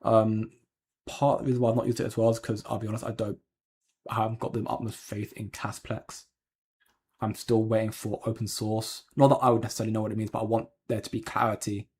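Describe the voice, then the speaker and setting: A man's voice: on the low side, little pitch movement, quick pace, a little mellow, a little hiss or hum. A man hosting a crypto livestream, chatting casually and answering viewer comments with lots of ums and restarts. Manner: rambling, hedging, frequent ums and restarts. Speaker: crypto channel host.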